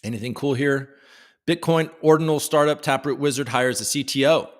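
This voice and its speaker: A man's voice: medium pitch, fairly quick. A man hosting a livestream, reading news headlines aloud in a casual way with joking asides. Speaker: host.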